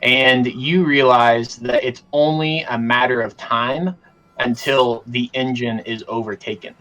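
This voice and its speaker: A man's voice: mid-range voice, unhurried, a little hiss or hum. Man narrating as game master. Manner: descriptive, relaxed, with frequent fillers.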